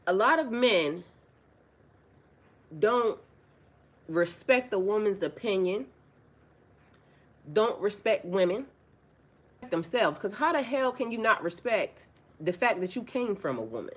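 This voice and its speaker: A woman's voice: medium pitch, expressive, slow pace, pauses often. A woman, a spiritual life coach, talking casually on a livestream: blunt, profane and preachy, firing rhetorical questions and repeating phrases for emphasis. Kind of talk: casual livestream talk to viewers.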